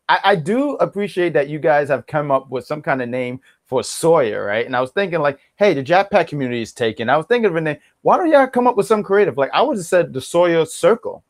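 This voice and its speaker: A man's voice: a little high, sing-song, fairly quick, hardly any pauses. A man co-hosting a wrestling podcast, chatting casually with a joking, mock-boastful manner. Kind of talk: casual chat.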